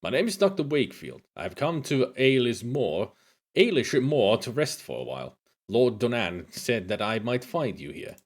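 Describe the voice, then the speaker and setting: A man voicing a polite, concerned male doctor in a put-on Scottish accent, with a slow, deliberate delivery. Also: mid-range voice, very animated.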